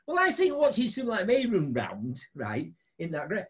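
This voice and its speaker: A high-pitched man tells a story in a lively, sing-song voice, jumping up into squeaky exclamations. He is a chatty host who laughs through much of what he says. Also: normal speed. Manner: animated, laughing storyteller with big pitch jumps. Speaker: podcast host. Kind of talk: casual storytelling chat.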